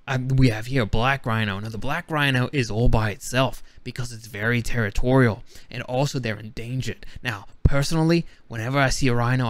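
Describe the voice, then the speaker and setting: A playful, rambling wildlife presenter with a put-on Australian accent, as a man hams up the voice for his vlog. The voice is smooth and clear at a middling pitch. The sound is dry and close. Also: no echo, lightly acted.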